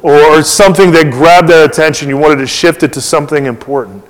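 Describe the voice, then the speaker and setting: Middle-aged pastor preaching in a reverberant hall. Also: male voice, a little high, brisk. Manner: conversational, many fillers and restarts, animated quoting. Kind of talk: sermon. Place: church sanctuary. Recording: long reverb of a church hall.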